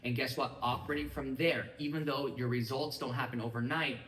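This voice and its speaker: Energetic male trainer in an echoey room. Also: mid-range voice, a little fast, slight background noise. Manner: energetic, keeps checking in with listeners. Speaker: business mindset trainer. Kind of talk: motivational training talk to a live group. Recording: echoey room, mic at a distance.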